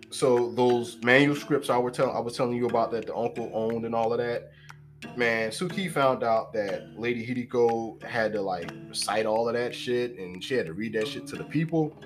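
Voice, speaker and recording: A man casually retelling a movie plot in a rambling, profane way, packed with fillers and acted-out character lines, with music underneath. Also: mid-range voice. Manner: rambling, profane, full of "like" and "you know"; acts out characters' lines mid-story. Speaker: film reviewer.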